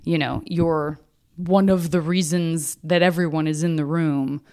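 A woman's voice: sits low, steady tone, measured pace, a little mellow, clear, resonant tone. A woman hosting a podcast, chatting playfully and casually with lots of fillers. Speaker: podcast host. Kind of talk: casual interview chat.

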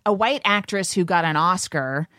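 A woman co-hosting a podcast, talking in a wry, lively way with quick back-and-forth. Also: fairly low pitch, no room sound, studio quality. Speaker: podcast co-host. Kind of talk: casual chat.

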